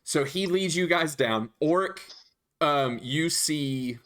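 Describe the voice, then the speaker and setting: A man narrating a tabletop game as dungeon master, animated and quick to laugh. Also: fairly high pitch.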